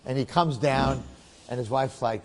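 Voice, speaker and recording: A man, a rabbi, telling a story in a talk in an animated way, often checking in with his listeners. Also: mid-range voice, moderate pace, big-room sound.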